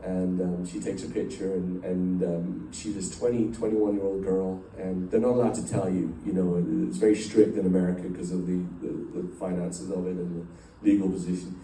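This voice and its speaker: Rambling man with a mellow voice in a roomy hall. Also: sits low, flat delivery, moderate pace, hardly any pauses, a little hiss or hum. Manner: rambling, self-deprecating, many fillers and restarts. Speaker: speaker addressing a company group. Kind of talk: emotional personal storytelling to an audience. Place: large room with a live group. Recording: echoey room, voice picked up from a distance.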